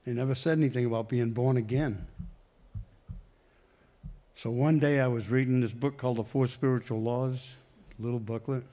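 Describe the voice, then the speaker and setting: Man, mid-pitched, loose conversational church testimony, self-correcting, tells it like a story. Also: warm tone. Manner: rambling, conversational, corrects himself mid-sentence. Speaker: church member giving testimony. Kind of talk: personal testimony to a congregation.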